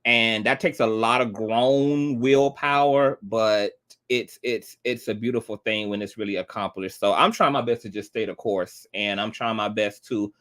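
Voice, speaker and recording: A man's voice: fairly low pitch, normal speed, fairly bright tone. A man in his thirties hosting a livestream, talking heartfelt and tearful, repeating himself and swearing often. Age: 30s. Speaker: livestream host. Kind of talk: emotional livestream chat.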